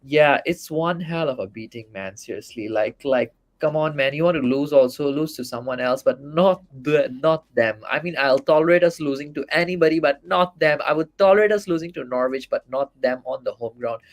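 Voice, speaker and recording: A man's voice: on the high side, fairly quick, hardly any pauses. A man from Malaysia, a guest on a fan podcast, venting his frustration in a blunt, heated manner. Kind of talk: casual fan podcast chat.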